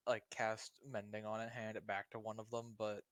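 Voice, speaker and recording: Hesitant, rambling tabletop player. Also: male voice, fairly low pitch, flat delivery, normal speed, a bit bright, no echo. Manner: rambling, hesitant, self-correcting. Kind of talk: casual tabletop play.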